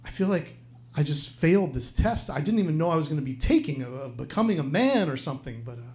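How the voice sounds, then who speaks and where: A man's voice: on the high side, sing-song, quick pace, a little mellow. Earnest man telling a personal story live. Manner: earnest and reflective. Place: live venue stage.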